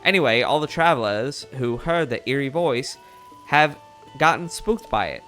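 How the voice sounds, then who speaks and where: A man voicing a chatty male bird reporter from a video game, reading the lines aloud with lively rises in pitch. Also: moderate pace, faint music behind, lightly acted.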